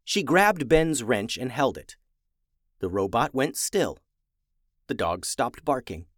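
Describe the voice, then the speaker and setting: A man reading a children's story aloud, expressive and animated. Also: mid-range voice, slow pace, no room sound, clean studio sound. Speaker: narrator.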